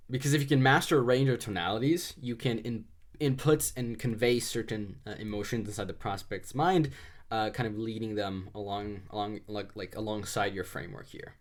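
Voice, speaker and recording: A man with a somewhat low voice explains sales calls in a loose, chatty way. He talks through ideas with frequent fillers and restarts. He sounds a little congested. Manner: loose and conversational, many fillers. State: slightly congested. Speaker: sales trainer. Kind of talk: casual instructional talk.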